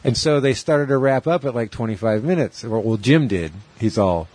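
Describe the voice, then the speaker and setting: A man's voice: medium pitch, lively intonation, normal speed, few pauses, darkish tone, husky, no room sound. A man co-hosting a podcast in casual chat, rambling and swearing, acting out other people's lines as he retells a story. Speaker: podcast co-host.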